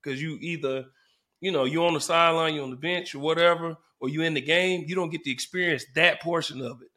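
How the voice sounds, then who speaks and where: A man's voice: on the high side, quick pace. A man, a former football player, telling stories in casual sports talk and acting out the fans around him. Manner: animated storyteller, acts out fans in the stands.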